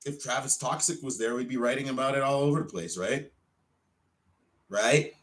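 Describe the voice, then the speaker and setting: A wrestler hosting his own show, ranting in an unscripted way, full of swearing, with sudden loud outbursts that drop back to muttering. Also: medium pitch, moderate pace. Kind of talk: unscripted profane rant.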